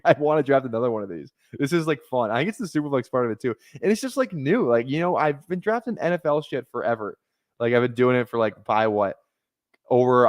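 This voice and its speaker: A man's voice: mid-range voice, dry recording. A young man casually commenting on a live fantasy football draft stream, rambling, repeating himself and swearing freely.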